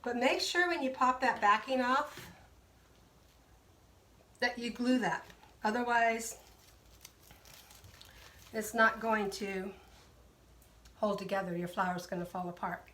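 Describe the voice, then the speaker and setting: A woman's voice: on the high side, takes it slowly, long pauses, sharp tone, reverberant, far from the mic. A woman hosting a live craft tutorial, talking viewers through each step in a chatty way and greeting them by name. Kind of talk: casual live craft demonstration.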